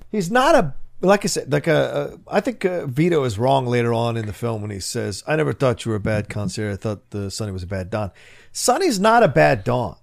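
A man co-hosting a casual film podcast, talking in long, animated, rambling stretches and laughing often. His voice has some gravel and swings lively in pitch. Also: fairly quick. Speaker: podcast co-host. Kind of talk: casual chat about a film.

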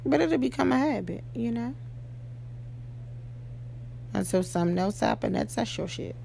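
Gravelly woman giving an emphatic pep talk. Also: a little high, lively intonation, normal speed, warm tone, slight background noise. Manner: emphatic, keeps asking "okay?" and "you know?". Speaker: podcast host. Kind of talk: motivational monologue.

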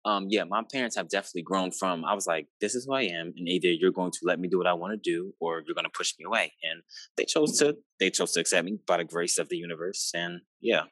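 A man's voice: deep voice, quick pace, a bit bright, dry recording. A young adult man, a podcast guest, telling stories in casual chat, acting out quoted family lines and swearing freely.

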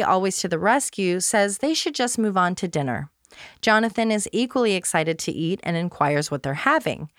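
A woman's voice: fairly low pitch, no room sound, studio quality. A woman podcast host reading a scripted scene recap aloud, with playful, self-deprecating humor.

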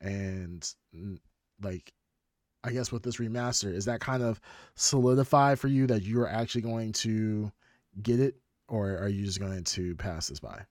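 A man hosting a casual podcast chat, telling stories in an animated, rambling way. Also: on the low side, a little slow, no echo, studio quality. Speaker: podcast host.

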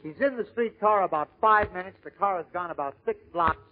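A man telling a string of comic stories in a brisk storyteller's manner, slipping into character voices. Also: high voice. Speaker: stand-up comedian. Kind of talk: joke telling. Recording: tinny lo-fi old recording.

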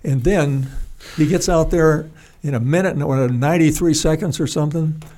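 An older man recounting an old flying incident in loose, conversational storytelling. His pitch sits a bit higher than most men's, and he circles back on his words and restarts his sentences often. He also lets rough language slip. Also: dark tone. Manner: halting, rambling, frequent restarts and salty language. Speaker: retired pilot telling a war story. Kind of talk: casual spoken storytelling.

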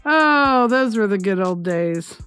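A woman co-hosting a podcast, telling stories in a casual, animated way, swearing and acting out voices. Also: medium pitch, takes it slowly, clean tone, soft background music. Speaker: podcast co-host. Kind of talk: casual chat.

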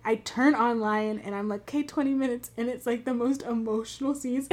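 A young woman in casual chat, her voice sitting a little high. She tells stories with animation, jumping way up when she imitates people. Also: moderate pace. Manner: animated storyteller, acts out quotes with big pitch jumps.

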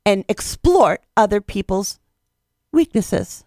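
A female radio co-host bantering on air, firing back quick, mock-indignant comebacks. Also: mid-range voice, expressive, a little mellow, dry recording, studio quality.

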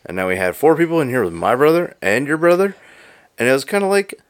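A man's voice: medium pitch, sing-song, quick pace, no echo. A man co-hosting a casual podcast, laid-back and joking, swearing freely as he chats into a studio mic. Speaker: podcast co-host. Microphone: studio microphone.

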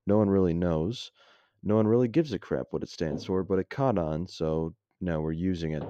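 A man voicing a gruff adult male army general with a folksy, blunt drawl, recorded on a dull lo-fi home mic. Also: low voice, moderate pace, warm tone, no echo, natural voice.

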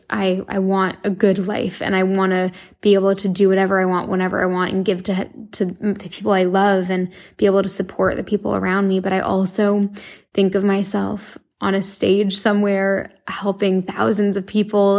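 A young woman talks to her audience in a loose, earnest monologue. She leans on fillers and restarts as she goes. Her voice carries a gravelly fry and stays in a narrow, even pitch band. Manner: chatty, earnest, filler-heavy with frequent likes and restarts. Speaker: podcast host and meditation app founder. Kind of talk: casual monologue.

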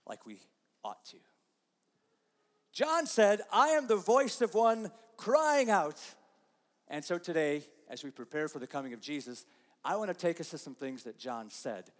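A pastor giving a conversational sermon, dropping to soft, slow asides and rising to loud, emphatic lines. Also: male voice, medium pitch, big pitch swings, long reverb tail. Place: church sanctuary.

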